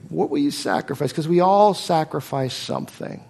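Emphatic male pastor with slightly high voice. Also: expressive, normal speed, vocal fry, hardly any pauses, darkish tone. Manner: emphatic, repeats key phrases, acts out quoted voices. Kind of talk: sermon.

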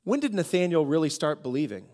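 High-voiced man preaching with rhetorical questions. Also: very animated, fast, a little mellow. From United States. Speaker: pastor. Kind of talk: sermon.

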